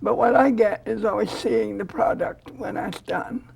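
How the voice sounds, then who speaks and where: Gravelly husky older woman telling stories. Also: mid-range voice, unhurried. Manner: animated storyteller who acts out quoted dialogue. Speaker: foster grandparent volunteer. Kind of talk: storytelling in a studio interview.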